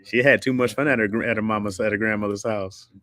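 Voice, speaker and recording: A man's voice: lowish voice, steady tone, quick pace, fairly bright tone, no room sound, studio quality. A man in his thirties chatting casually and jokingly, laughing often and acting out quotes. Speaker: streamer talking to chat. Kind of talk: casual chat.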